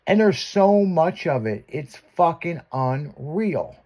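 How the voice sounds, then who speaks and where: A man's voice: a little high, lively intonation, slow pace, a little mellow. A man hosting a chat show, telling crude stories and laughing as he goes. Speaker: show host. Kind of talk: casual profane chat show banter.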